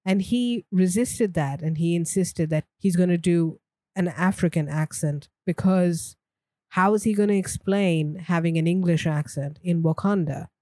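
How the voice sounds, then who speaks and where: A woman co-hosting a podcast, her voice low and mellow. She talks things through in a thoughtful, easygoing way and laughs easily. The sound is dry and close. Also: a little slow, dry recording. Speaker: podcast co-host. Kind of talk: casual chat.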